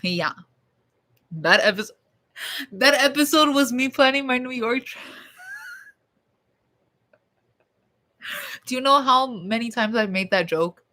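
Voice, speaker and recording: A woman's voice: on the high side, animated, moderate pace, bright, forceful tone. A young woman vlogging at home, talking casually to her viewers in a rambling, blunt way and swearing freely. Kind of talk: casual rambling chat to camera.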